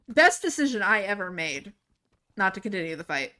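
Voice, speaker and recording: A young woman livestreamer telling a story casually while gaming, rambling and animated, laughing and swearing often. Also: mid-range voice, slow.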